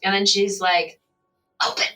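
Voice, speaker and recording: A woman playing a tabletop game, giggly and blunt, sometimes shouting. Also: fairly high pitch, expressive, a little slow, far from the mic, faint music behind, rough recording. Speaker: player.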